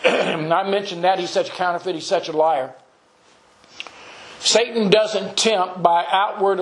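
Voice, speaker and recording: A man preaching a morning sermon with a fairly high voice. He speaks earnestly and deliberately and slows down on the phrases he wants to stress. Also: rough recording.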